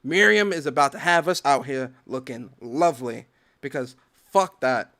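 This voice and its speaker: A man's voice: medium pitch, moderate pace, pushed and bright. A man hosting a gaming podcast, reading definitions aloud and ranting in a heated, profane way. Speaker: podcast host. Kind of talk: gaming commentary rant.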